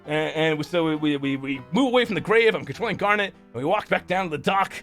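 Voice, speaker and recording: A man's voice: fairly high pitch, animated, fast talker, fairly bright tone, soft background music. A man streaming a rambling, profane recap of a game's story, full of restarts. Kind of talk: casual game story recap.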